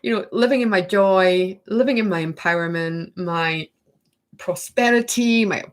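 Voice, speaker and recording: A woman with a lowish voice talks a bit slowly while hosting a spiritual workshop. In a relaxed live-stream Q&A, she chats effusively and replies to viewers by name.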